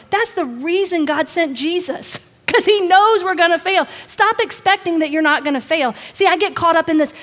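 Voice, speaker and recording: A woman with a high, bright-pitched voice preaches a sermon in a casual, talking style. She acts out the quotes she tells, changing her voice for each speaker. Her words carry a long reverb from a large hall. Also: moderate pace.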